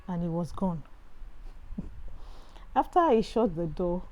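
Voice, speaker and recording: A middle-aged woman with a Nigerian accent, sharing a personal Christian testimony in an earnest storytelling way with animated exclamations. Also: fairly low pitch, drawn-out words, long pauses, lo-fi sound.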